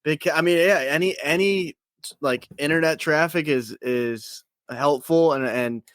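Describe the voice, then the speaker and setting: A man's voice: fairly high pitch, measured pace, a bit bright, no room sound. A man talking as a guest on a casual sports podcast, hesitant and laid-back, with many restarts.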